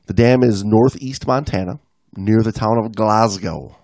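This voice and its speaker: A man's voice: lowish voice, unhurried, a little mellow, no room sound, clean studio sound. A man in his forties co-hosting a podcast, reading an article aloud and dropping in wry casual asides. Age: 40s. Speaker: podcast co-host.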